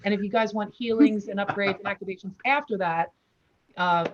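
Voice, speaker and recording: A woman hosting a casual video call chat, welcoming people and giving shout-outs. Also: mid-range voice, brisk, dull audio, slight background noise. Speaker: host.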